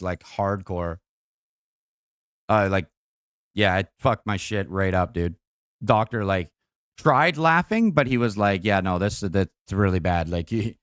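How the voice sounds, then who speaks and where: A man's voice: lowish voice, fairly bright tone, clear, resonant tone, dry recording, clean studio sound. A young man streaming a game, chatting to his viewers in a rambling, profane way, packed with fillers as he tells stories. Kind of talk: casual chat with stream viewers.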